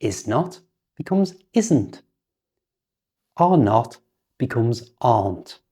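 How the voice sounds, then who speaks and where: British woman, English teacher; patient, unhurried delivery, soft warm tone. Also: extremely low pitch, big pitch swings, slightly rough. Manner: patient, instructive, over-articulated examples. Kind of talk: slow, clear teaching with model sentences.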